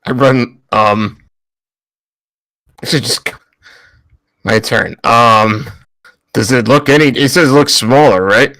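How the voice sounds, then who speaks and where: A man's voice: medium pitch, slow, long pauses, pushed and bright, poor audio. A man playing in a tabletop role-playing game, asking hesitant questions about his turn. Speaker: player.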